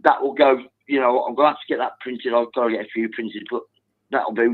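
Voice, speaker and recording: A man calling a football phone-in, telling a story excitedly and swearing now and then. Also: mid-range voice, fairly quick, dry recording. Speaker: caller. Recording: tinny phone line.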